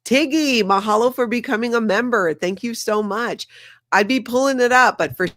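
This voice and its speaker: A woman's voice: on the high side, normal speed, a bit bright, dry recording. A woman in her fifties from Hawaii, with a light Pidgin accent, hosting a casual livestream and chatting while she greets viewers by name. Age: 50s. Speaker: livestream host. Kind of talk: casual live-stream chat.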